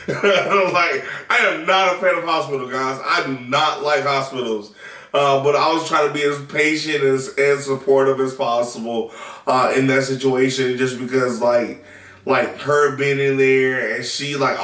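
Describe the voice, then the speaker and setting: A man's voice: mid-range voice, fairly bright tone. A man from the South, telling a story in a casual vlog chat, laughing and swearing freely. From Southern United States. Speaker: vlogger, new father. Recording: echoey room, mic at a distance.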